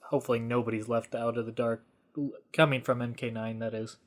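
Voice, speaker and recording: A man's voice: medium pitch, little pitch movement, fairly quick. A man co-hosting a fan podcast, chiming in with short, agreeable remarks in casual talk. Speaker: podcast co-host. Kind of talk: casual chat.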